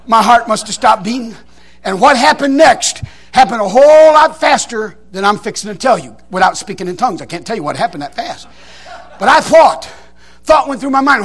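A man, a preacher telling a folksy story in a sermon to a congregation, shouting out the lines he quotes. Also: extremely high pitch, expressive, a little fast. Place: church in front of a congregation.

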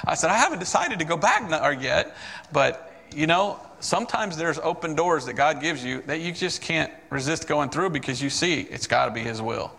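A man's voice: fairly high pitch, normal speed, creaky, slightly rough, in a large hall. A man in his forties, a missionary preacher, telling his testimony in a sermon, acting out the people in his story. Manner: storytelling, animated quoted voices.

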